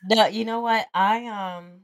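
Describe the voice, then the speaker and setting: A woman co-hosting a casual podcast, chatting excitedly, laughing often and swearing freely. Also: medium pitch, a little slow, dry recording. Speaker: podcast co-host. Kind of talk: casual chat.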